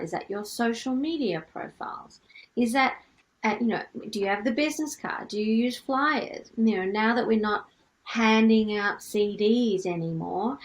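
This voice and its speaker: A woman's voice: medium pitch, low-quality recording. A middle-aged woman from Australia with a light Australian accent, coaching music artists on business and asking lots of rhetorical questions. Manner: energetic, asks many rhetorical questions. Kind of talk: teaching to camera.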